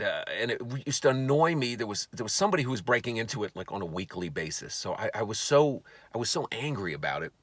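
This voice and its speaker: A comedian with a lowish voice tells a story for laughs in an animated, profane way, often stammering and restarting his sentences. The recording is dry and close. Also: dry recording.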